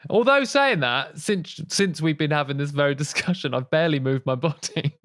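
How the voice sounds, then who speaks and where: A young man co-hosting a casual nature podcast, playful and quick to laugh. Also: on the high side. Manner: playful, laughs often, animated. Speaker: podcast co-host.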